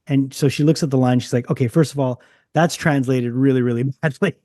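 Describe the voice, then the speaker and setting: A man from Canada hosts a relaxed podcast interview, rambling through stories and restarting his sentences. His voice is mellow and dark, at a middle pitch for a man. The recording is dry and close. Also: a little fast, no echo. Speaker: podcast host. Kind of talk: casual interview chat.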